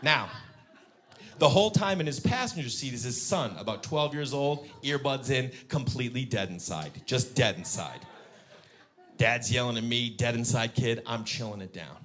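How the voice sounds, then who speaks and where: A man performs stand-up on stage with a bright, ringing voice. His pitch rises and falls a lot, and his dry, deadpan delivery breaks now and then into loud shouting. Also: normal speed. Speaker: stand-up comedian. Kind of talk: stand-up set. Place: comedy stage.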